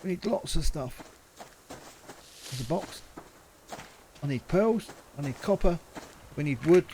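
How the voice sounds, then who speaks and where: A man's voice: a little high, lively intonation, a little slow, mellow, a little hiss or hum. A man chatting and muttering to himself as he plays a survival game, with mild swearing and asides to viewers. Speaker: gaming channel host.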